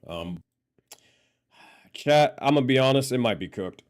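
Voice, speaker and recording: A man's voice: medium pitch, animated, measured pace, pauses often. A man live-streaming who keeps testing his microphone and talking to his chat, sounding frustrated. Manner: frustrated, testing his mic with repeated phrases.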